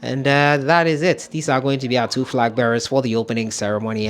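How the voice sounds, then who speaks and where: A man hosting football news, giving opinionated commentary as he thinks aloud. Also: lowish voice. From Ghana.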